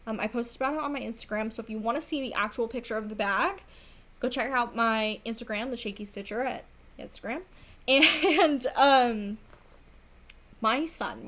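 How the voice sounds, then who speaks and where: A young woman chatting casually about her cross stitch projects, rambling with lots of fillers and laughter, her voice going hoarse. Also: a little high, moderate pace, a bit bright. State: losing her voice. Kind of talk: casual chat.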